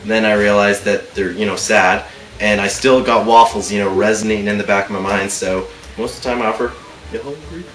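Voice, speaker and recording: A man's voice: fairly low pitch, fairly even intonation, a little fast, a bit bright, recorded from a distance. A young man on a casual panel who jokes in a dry, matter-of-fact way. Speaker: panel member. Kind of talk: casual opinion chat. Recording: roomy room sound.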